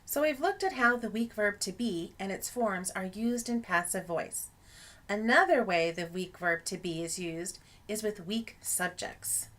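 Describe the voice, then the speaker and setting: A woman narrating a scripted lesson on academic writing as an instructor, in a clear explanatory teaching tone. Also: medium pitch, a little slow, fairly bright tone.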